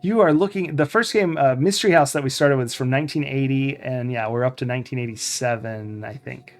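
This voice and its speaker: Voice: medium pitch, brisk. A game streamer giving casual live commentary, reading game text aloud and adding chatty asides. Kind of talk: live let's-play commentary.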